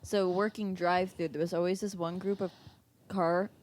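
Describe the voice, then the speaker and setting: A woman's voice: fairly low pitch, flat delivery, moderate pace, a little mellow, a little hiss or hum. Matter-of-fact young woman on a podcast. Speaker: podcast co-host. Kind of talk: casual chat.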